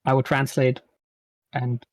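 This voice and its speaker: Laughing animated man in his thirties. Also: medium pitch, no room sound. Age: 30s. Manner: animated storytelling, quick laughs. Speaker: guest streamer. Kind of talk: casual interview chat.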